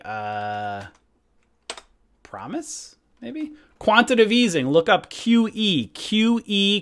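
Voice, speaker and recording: A man hosting a trading livestream, thinking aloud in casual talk, trailing off and correcting himself. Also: a little high.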